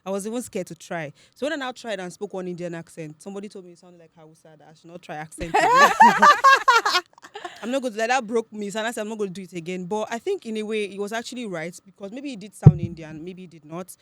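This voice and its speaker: Fast-talking young Nigerian woman. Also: medium pitch, a little hiss or hum. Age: young adult. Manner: animated storyteller, laughs often, acts out quoted speech. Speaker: guest, accent content creator. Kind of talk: casual podcast interview.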